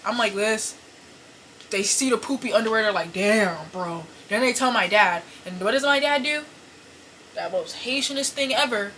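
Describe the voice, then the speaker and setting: Bright-voiced young woman telling a story. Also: fairly high pitch, moderate pace, a little hiss or hum, low-quality recording. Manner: animated, profane, apologetic, lots of fillers. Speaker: podcast host. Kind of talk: casual storytelling to camera. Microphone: camera set up in front of her.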